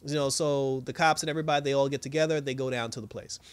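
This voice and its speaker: A man giving a casual, slangy recap of a TV episode, telling it in an animated way and laughing often. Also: medium pitch, racing, clear, resonant tone. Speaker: TV episode reviewer.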